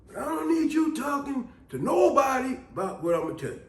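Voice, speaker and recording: A man voicing an old male co-worker who talks low and quietly, as if sharing a secret. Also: sing-song, fairly quick, echoey room, full character voice. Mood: confiding. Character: old male Italian co-worker, hushed and confiding.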